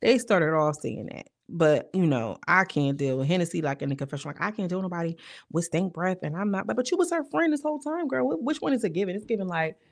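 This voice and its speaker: Gravelly low-voiced woman recapping TV. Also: quick pace. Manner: animated, slangy, acts out quotes. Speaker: reality TV reviewer. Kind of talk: casual recap commentary.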